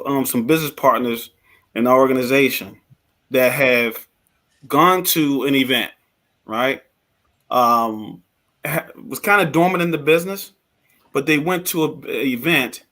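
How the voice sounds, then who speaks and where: Male panelist, a touch high, stumbling starts, energetic motivational talk. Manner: halting, repeats words, animated. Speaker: co-host. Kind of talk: business panel discussion.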